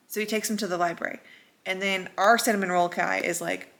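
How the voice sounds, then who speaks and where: Rambling, gravelly young woman vlogger. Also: medium pitch, brisk. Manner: animated rambling with swearing and acted quotes. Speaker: book vlogger. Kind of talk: casual chatty book review.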